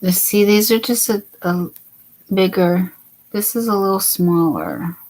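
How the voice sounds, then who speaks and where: A woman's voice: mid-range voice, measured pace, darkish tone. A woman hosting a casual late-night crochet livestream, chatting and reading viewer comments aloud.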